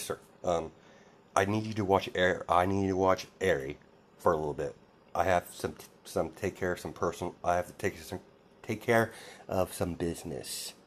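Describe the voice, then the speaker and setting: A young man with a low voice retells a fan-made story in a loose, casual way. He rambles, restarts his sentences and leans on fillers, quoting the characters in his own plain voice. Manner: quotes characters without doing voices.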